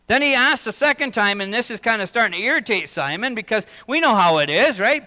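Male pastor, high and tense-toned, conversational sermon delivery in a long-reverb sanctuary. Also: lively intonation, brisk, hardly any pauses, sharp tone. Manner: conversational, asks the congregation questions.

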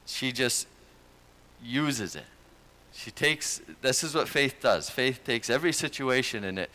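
A male pastor delivers a sermon at an unhurried, deliberate pace. His voice is lower-pitched for a man yet bright and forceful in tone. He preaches in an earnest, conversational manner.

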